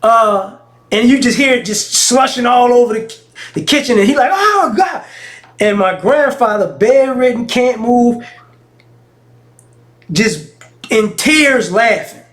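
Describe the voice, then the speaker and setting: A man with a notably high speaking voice talks straight to his audience in a casual vlog. He tells stories in a frank, slangy way, often stopping and restarting mid-thought. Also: slow pace, long pauses, a bit bright. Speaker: vlogger. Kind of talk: casual talking-head monologue.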